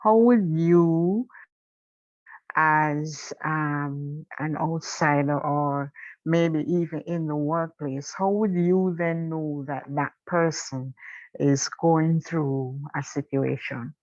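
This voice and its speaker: Woman webinar participant, very low voice, dull dry lo-fi sound, hesitant. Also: slow, darkish tone, no room sound. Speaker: webinar participant asking a question.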